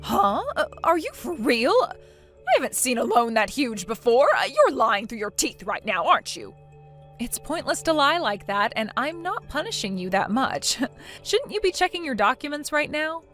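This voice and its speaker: A woman's voice: a little high, big pitch swings, normal speed, a bit bright, soft background music. A woman reading both sides of a text-message quarrel as a scripted story, scornful and breaking into mocking laughter.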